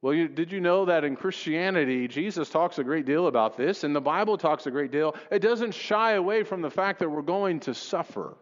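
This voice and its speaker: A man preaching a sermon to his congregation, reading scripture with rising passion and then dropping low to reflect on it. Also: brisk, hardly any pauses. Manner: impassioned, rises high reading scripture aloud. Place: church sanctuary. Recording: dull lo-fi recording in a reverberant hall. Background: long church reverb.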